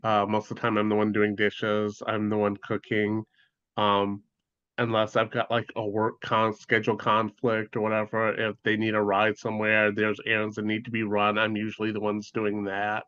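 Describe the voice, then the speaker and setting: A man's voice: lowish voice, monotone, normal speed, a bit bright, smooth, no echo. A man calling in about his marriage, hesitant and full of fillers. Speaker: caller. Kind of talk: casual conversation. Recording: dry muffled call audio.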